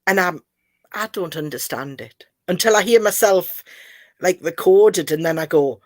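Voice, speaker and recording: A woman's voice: on the low side, moderate pace, no room sound. A woman from Newcastle with a Geordie accent, chatting casually on a video call. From Newcastle, northeast England. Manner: chatty, animated, laughs often. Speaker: guest.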